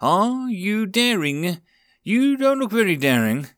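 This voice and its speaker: Guy doing a grouchy little goblin, high and draggy, dry close mic. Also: sing-song, slow pace, a bit bright, dry recording, heavily acted. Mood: grumbling. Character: grumpy blunt young male goblin orphan.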